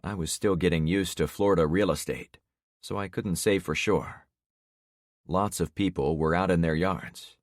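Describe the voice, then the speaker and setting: A man narrating a first-person audiobook in a steady, matter-of-fact way. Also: low-pitched, moderate pace, no room sound, studio quality.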